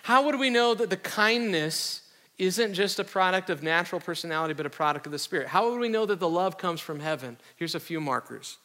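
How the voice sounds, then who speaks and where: A middle-aged pastor from Iowa delivers a sermon in a bright, high-pitched voice. He keeps it loose, joking, with casual slang. The sound carries a long reverb from a large hall. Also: brisk. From Iowa, USA.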